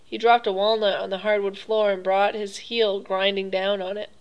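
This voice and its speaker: A woman narrating an audiobook in a measured, even storytelling voice. Her pitch sits in the middle range for a woman, and her delivery is steady and unhurried. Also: dull audio. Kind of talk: audiobook reading.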